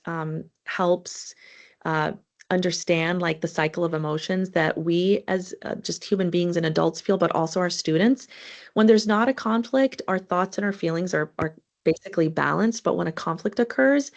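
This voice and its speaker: A woman's voice: lowish voice, creaky. A woman presenting an educators' webinar in a conversational, earnest way, with frequent fillers and restarts.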